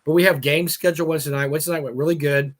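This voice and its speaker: A man with a steady, somewhat high voice talks rapid-fire as a convention organizer on a panel. In casual live-stream chat about running a convention, he jokes, laughs, and keeps restarting his sentences.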